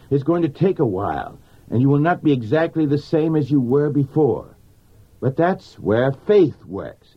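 A man's voice: fairly high pitch, husky. A man preaching a sermon on grief, speaking earnestly and directly to the listener like a pastor. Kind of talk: radio sermon. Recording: dull lo-fi recording.

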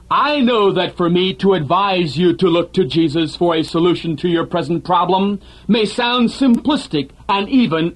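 A man delivering a scripted radio sermon in an earnest, measured preaching manner. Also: sits high, low-quality recording.

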